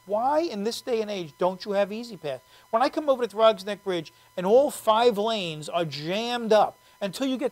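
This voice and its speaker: An excitable woman hosts a casual comedic chat show, her voice pitched a touch high. She tells stories in an animated rush. The sound is dry and close. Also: no echo, low-quality recording. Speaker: show host.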